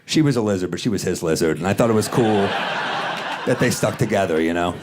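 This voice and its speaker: A man doing stand-up comedy on stage, telling a story with a wry, self-deprecating delivery and quick jumps into acted-out voices. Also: low voice. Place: comedy stage before a live audience. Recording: clear audience noise. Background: audience laughter.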